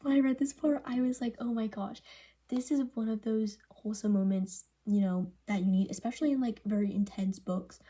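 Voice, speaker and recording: A woman's voice: mid-range voice, a little fast, hardly any pauses, dark tone. A teenage girl giving a casual spoken book review for a school project, chatty and full of fillers. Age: teens. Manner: chatty, filler-heavy, breaks off to read passages aloud. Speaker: student presenting a book project.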